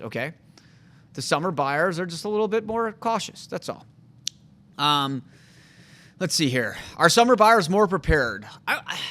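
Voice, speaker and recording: Rambling man, somewhat high voice. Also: sharp tone. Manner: rambling, acts out quotes of buyers and agents. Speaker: real estate agent, show host. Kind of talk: casual talk to camera.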